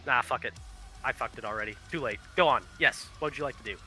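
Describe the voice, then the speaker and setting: A man's voice: mid-range voice, quick pace, pushed and bright, faint music behind. A man running a tabletop game as game master, casual and swearing, often laughing.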